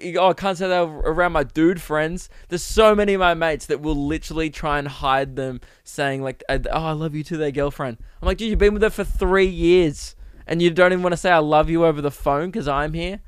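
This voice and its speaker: A man's voice: fairly high pitch, fairly even intonation, a little fast, clean tone, dry recording, studio quality. A young man hosting a comedy podcast, riffing crudely and acting out silly bits. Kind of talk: rambling comic monologue.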